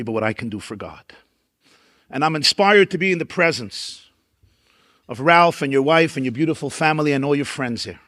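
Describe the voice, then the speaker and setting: A man's voice: fairly high pitch, fairly bright tone, no room sound, studio quality. A man, a rabbi, giving a storytelling keynote lecture at a dinner event, emphatic and building up lists.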